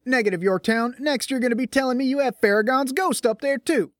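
Hostile male controller, raised and forceful, barking warnings, played by a man. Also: very high-pitched, fairly quick, no echo, studio quality, pitched above the performer's own voice. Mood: stern. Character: stern male officer, hostile colony approach control.

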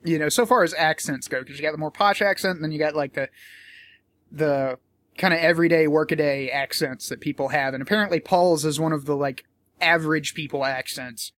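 A man's voice: on the high side, a little fast, a bit bright, dry recording. Rambling, profane man. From United States. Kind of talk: casual commentary vlog.

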